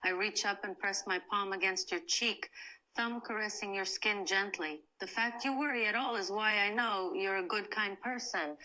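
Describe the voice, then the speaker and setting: Woman voicing a proud woman, soft and bright. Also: medium pitch, close to an everyday voice, poor audio. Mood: tender. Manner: soft, slow, soothing. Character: cold, proud woman softly comforting a crying friend. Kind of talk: first-person comfort role-play narration.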